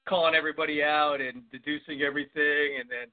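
A man's voice: fairly high pitch, fairly even intonation, fast. A man co-hosting a podcast, chatting about films, swearing freely and laughing often. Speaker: podcast co-host. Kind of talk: casual film chat. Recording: tinny phone-like sound.

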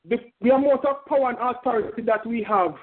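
High-voiced fervent male preacher. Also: fast. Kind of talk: sermon. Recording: tinny phone-like sound.

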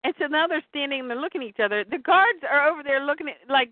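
High-voiced woman retelling a comic, super lively, tinny phone-line sound. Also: fast, dry recording. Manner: animated storyteller, laughing. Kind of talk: casual chat retelling a comic.

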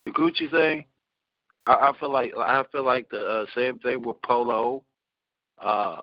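A man's voice: mid-range voice, no room sound. A man co-hosting a casual talk show, restarting phrases and repeating his point as he talks. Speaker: co-host. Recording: dull, muffled lo-fi sound.

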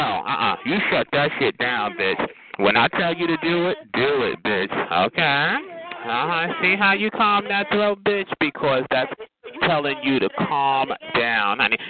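A man trash-talking over a phone chat line in a sassy, taunting manner. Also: a little high. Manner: sassy, taunting, repeats "bitch" and "honey". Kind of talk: aggressive phone trash talk. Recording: tinny phone line with loud hiss.

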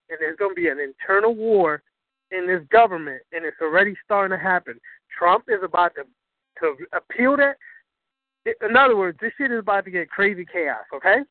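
A high-voiced man preaches hard and swears freely, pressing each point with emphatic force. His voice comes through a thin, tinny phone line with no room sound at all. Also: no room sound. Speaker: spiritual teacher. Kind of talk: impassioned lecture on a call-in broadcast.

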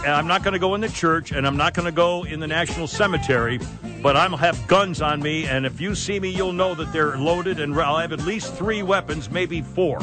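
A man's voice: fairly high pitch, a little fast, music in the background. A middle-aged man hosting a talk radio show, brash, joking and rambling. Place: radio studio.

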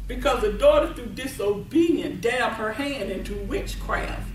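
A woman's voice: a little high, a little slow, hardly any pauses, slight background noise. A woman preaching a sermon at a deliverance meeting, emphatic, laughing often and repeating and restarting her words. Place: meeting venue. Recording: echoey room, voice from far off.

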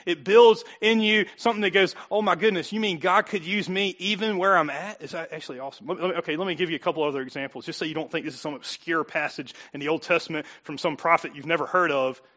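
Male pastor, middle-aged, animated sermon delivery with jokes and acted-out voices; high, bright tone. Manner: animated, joking, acts out voices.

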